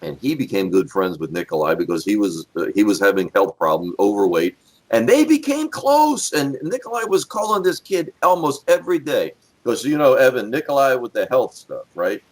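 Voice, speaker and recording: Middle-aged man, podcast guest, former cop, blunt, profane, animated pitch, lowish voice. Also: fairly quick, few pauses, husky. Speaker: guest, former police officer. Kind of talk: casual podcast storytelling.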